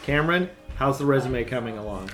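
A joking man hosts a laid-back podcast at home, rambling between gags. His voice sits in a middle pitch, and a little music plays faintly behind him. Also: expressive, brisk. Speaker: podcast host. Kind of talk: casual chat.

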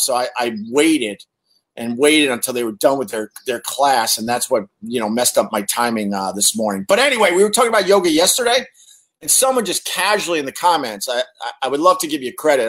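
A man's voice: medium pitch, lively intonation, brisk, a bit bright. A man hosting a casual livestream, chatting to viewers and reading their comments, joking crudely and swearing often.

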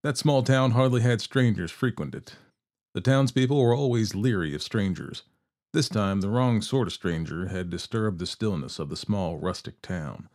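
A man reading a short story aloud with measured, theatrical narration. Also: on the low side, lively intonation, darkish tone. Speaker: story reader.

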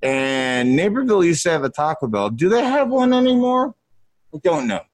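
A man's voice: on the high side, big pitch swings, normal speed. A middle-aged man, a musician, telling a rambling, profane tour story to a room, often breaking into laughs.

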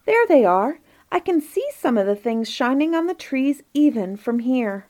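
A woman voicing an eager, kind little boy in a storybook reading, with high, excited exclamations. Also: moderate pace.

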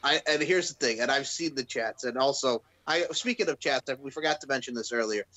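A man co-hosting a wrestling podcast, excitable and digressive, cutting in with asides. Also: medium pitch, a little fast, low-quality recording. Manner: excitable, digressive, interrupts with "hold on". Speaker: podcast co-host. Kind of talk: casual chat.

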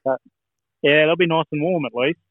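A man's voice: fairly high pitch, a little fast. A man from New Zealand co-hosting a casual sports podcast, chatty and blunt. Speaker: podcast co-host. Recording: dry, tinny phone-like line.

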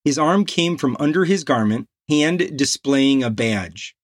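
A man narrates a crime novel in a slow, deliberate reading. His voice has a husky edge at a middle pitch. The sound is dry and close, with no room around it. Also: animated, dry recording. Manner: slow, measured reading with quoted dialogue. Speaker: audiobook narrator.

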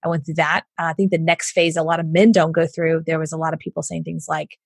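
Woman guest with a low voice, animated storyteller who mimics others, dry close sound. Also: racing, creaky, few pauses, breathy edge, dry recording. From Southern United States. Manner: animated, acts out what others said, laughs often. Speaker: entrepreneur guest. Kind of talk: candid storytelling interview.

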